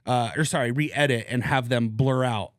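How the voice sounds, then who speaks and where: A young man co-hosting a casual podcast, telling a story in a crass, animated way with plenty of swearing. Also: medium pitch, moderate pace, no room sound, clean studio sound. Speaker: podcast co-host.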